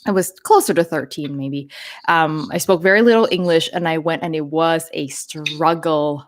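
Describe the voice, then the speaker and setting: A woman's voice: low-pitched, normal speed, a little hiss or hum. A woman from Thailand with a North American accent, Thai her first language, chatting and laughing as host of a live Q&A. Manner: chatty, laughing, lively storytelling. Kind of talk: live Q&A chat.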